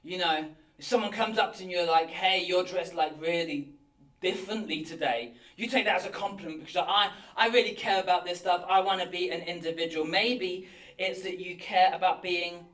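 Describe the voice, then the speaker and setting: A pastor preaches with earnest animation, voicing the worried thoughts of his listeners. His voice sits high for a man. It rings through a roomy church hall, picked up from some distance. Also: normal speed, fairly bright tone. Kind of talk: sermon.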